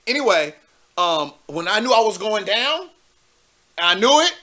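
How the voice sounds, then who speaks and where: High bright guy hosting a live call-in, slangy and animated. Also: a little slow. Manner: animated, slangy, laughs while telling stories. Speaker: live show host. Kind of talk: casual live call-in chat.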